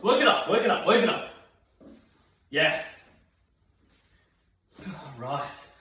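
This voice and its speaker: Breathless, encouraging Australian fitness coach. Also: male voice, fairly high pitch, animated, slow pace, sharp tone. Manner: upbeat, encouraging, counts reps aloud. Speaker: fitness instructor. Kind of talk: guided seated exercise class. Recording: very echoey room, mic far off.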